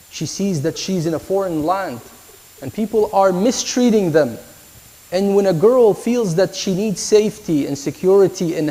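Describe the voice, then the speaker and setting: A man giving a sermon at a mourning gathering, moving from calm teaching into a chanted, emotional lament. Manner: voice climbs higher and louder, chanting lines as a lament. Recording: echoey hall.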